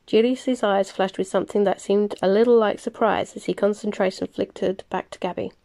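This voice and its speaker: A woman reading a novel aloud, plain and unhurried, with small slips she corrects as she goes. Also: mid-range voice, fairly even intonation, gravelly, dark tone. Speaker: reader. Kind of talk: audiobook-style novel reading.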